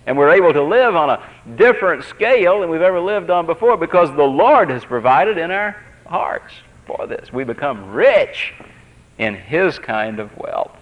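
A man's voice: a little high, very animated, normal speed. Pastor, male, earnest chatty sermon delivery, muffled lo-fi tape. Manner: earnest, conversational, repeats phrases. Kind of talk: sermon with personal storytelling. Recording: dull lo-fi tape recording.

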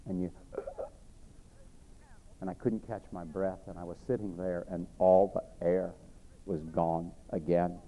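A man preaching and telling his own conversion story in an earnest way, repeating himself, rising and then dropping to a hush. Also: sits low, level tone, a little slow, long pauses. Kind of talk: sermon testimony storytelling. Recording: tinny phone-like sound.

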